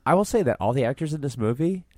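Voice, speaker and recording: A man co-hosting a podcast casually, halting and searching for his words. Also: mid-range voice, lively intonation, darkish tone, no echo, clean studio sound. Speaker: podcast co-host.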